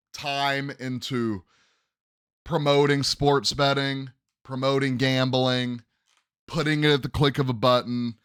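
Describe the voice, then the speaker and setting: A man's voice: mid-range voice, clean tone, dry recording, studio quality. A man hosting a solo sports podcast, emphatic and opinionated, often calling out to his listeners. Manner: emphatic, opinionated, addresses "ladies and gentlemen". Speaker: podcast host.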